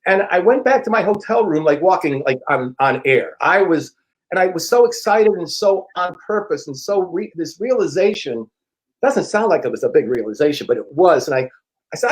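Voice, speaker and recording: High-voiced man telling a lively story. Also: fairly quick, low-quality recording. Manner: animated, frank and profane, acts out dialogue. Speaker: interview guest, personal growth teacher. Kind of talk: casual storytelling.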